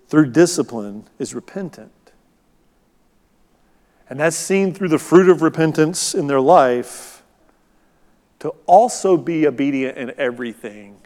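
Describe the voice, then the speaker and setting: A man's voice: a little high, a little mellow. A middle-aged man preaching a sermon as pastor, conversational and storytelling. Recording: long hall reverb.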